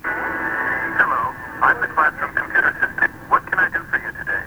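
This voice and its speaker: A man's voice: a little high, huge pitch swings, moderate pace, noisy background. A man voicing a polite classroom computer system with stiff, robotic phrasing.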